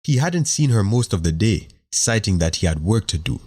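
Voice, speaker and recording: Reading a fantasy audiobook, a very deep-voiced man keeps his pace even and controlled, in a scripted narration style.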